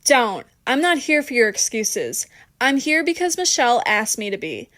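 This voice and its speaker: A woman voicing a calm, cold, composed young woman who speaks firmly and gives no ground. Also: a little high, normal speed.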